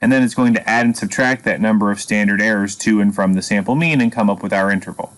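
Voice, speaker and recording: Low-voiced man teaching statistics. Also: a bit bright. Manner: patient, measured explaining with dry humor. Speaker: math teacher. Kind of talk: screen-recorded statistics lesson.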